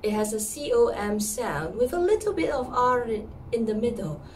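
A woman teaching pronunciation, breaking words into sounds and repeating them patiently. Her voice rises high and swings widely in pitch. She sits some distance from the mic with a faint hum behind her. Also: very animated, darkish tone. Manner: slow, careful, repeats words. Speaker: music teacher. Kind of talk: pronunciation lesson.

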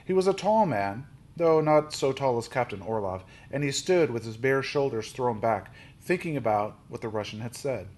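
A man's voice: normal speed, few pauses. Man reading a children's novel aloud. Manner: steady storybook reading, with small restarts; raises his voice for quoted lines, drops low on speech tags.

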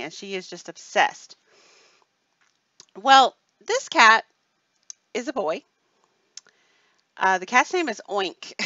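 A woman's voice: on the low side, pushed and bright, no echo. A woman hosting a live stream in casual chat, rambling and reading viewer comments, often checking in with "okay?". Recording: dull lo-fi dry sound.

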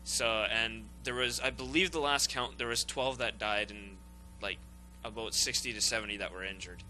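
A man's voice: lowish voice, steady tone, normal speed, pushed and bright, a little hiss or hum, poor audio. A man on a casual talk panel, explaining things plainly and at length. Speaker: show regular.

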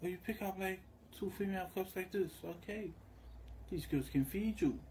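A vlogger rambles through a casual, crude story that wanders all over, quickly imitating the people he met and quoting their words. His voice is a little high yet mellow and warm, with a faint background hum underneath.

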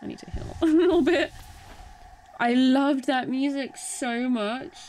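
A woman giving excited gameplay commentary, exclaiming and panicking as she plays. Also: high-pitched, measured pace, slight background noise. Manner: exclaiming, panicky, laughing often. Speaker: let's play streamer. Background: game music.

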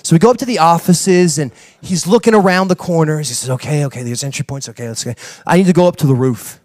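A man preaching a sermon as a pastor, telling a story with acted-out dialogue and building to excited preaching. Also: a little high, fast talker, dry recording. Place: church.

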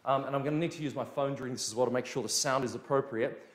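A man gives a casual, energetic dance lesson at a middle pitch. He counts out beats and says "boom" on each one. His voice echoes around the room. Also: rapid-fire. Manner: energetic, demonstrates beats with sound words. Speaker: dance teacher. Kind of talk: live-streamed dance lesson, casual explaining.

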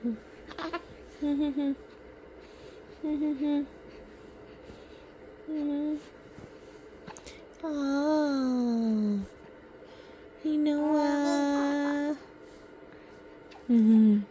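A mother speaks baby talk to her infant in a high, sing-song voice. She coos and repeats short soothing words at a very slow, unhurried pace. A faint hiss sits behind her voice. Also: steady tone, mellow.

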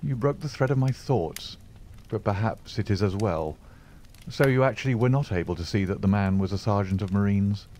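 A man reading aloud and voicing a brusque, lazy male detective who talks in a calm, dry, offhand way. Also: lowish voice, moderate pace, slight background noise, natural voice.

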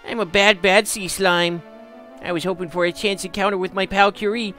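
A man's voice: high voice, steady tone, normal speed, sharp tone, faint music behind, pitched above the performer's own voice. A man voicing a playful little sea slime while reading game dialogue aloud.

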